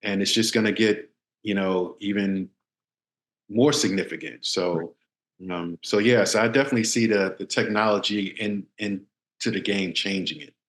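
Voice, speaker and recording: A man who is a guest on a podcast gives measured advice, with the odd filler. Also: lowish voice, steady tone, a bit bright. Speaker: podcast guest, security veteran. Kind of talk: casual interview chat. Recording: roomy echo.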